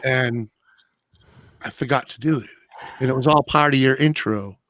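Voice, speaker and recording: A man's voice: medium pitch, normal speed, a bit bright, no room sound. A man hosting a casual video-call hangout, talking loosely, rambling and swearing. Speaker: host. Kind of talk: casual chat.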